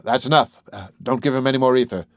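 A man playing a gruff, unflappable country doctor who gives brusque, clipped orders. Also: medium pitch, animated, moderate pace, no echo, clean studio sound, close to an everyday voice.

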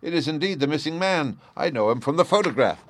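A man voicing a jovial veteran police inspector who talks heartily and exclaims loudly. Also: on the high side, animated, fast talker, no echo, voice pushed up. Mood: astonished. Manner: hearty, chuckling, loud exclamations.

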